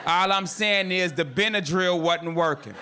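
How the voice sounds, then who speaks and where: A man's voice: sits high, unhurried, heavy background noise. A man from North Carolina, performing a stand-up routine with punchy storytelling aimed straight at the audience. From North Carolina, USA. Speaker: stand-up comedian.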